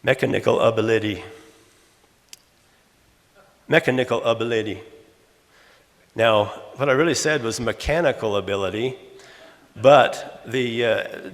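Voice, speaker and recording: A man in his sixties, a retired English teacher, lecturing in a halting, teacherly way with many restarts. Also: medium pitch. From Los Angeles, USA. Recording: long hall reverb.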